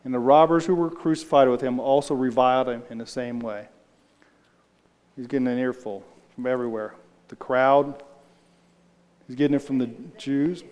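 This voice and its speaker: A man's voice: medium pitch, moderate pace, long pauses, darkish tone. A man leading a casual Bible study, talking loosely and answering his group as he reads aloud. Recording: reverberant room.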